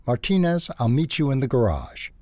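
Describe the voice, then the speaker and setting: A man's voice: on the low side, very animated, moderate pace, darkish tone, slightly rough, no echo, exaggerated voice. A man voicing a hungry, anxious little male animal in a storybook who whines and chatters about food. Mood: panicked. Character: jittery hungry little male critter, always whining.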